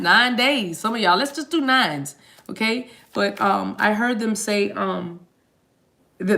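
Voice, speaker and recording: A woman's voice: medium pitch, creaky, pushed and bright. A woman giving a live tarot reading, talking straight to her viewers in a chatty, spiritual way. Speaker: tarot reader.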